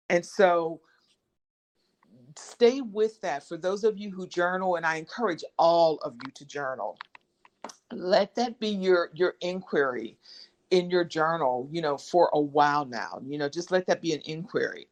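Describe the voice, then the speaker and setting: Woman, motivational guest facilitator on a video call, lower voice, affirming and repetitive. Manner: encouraging, affirming, repeats key phrases. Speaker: guest speaker leading a support session. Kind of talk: motivational workshop talk.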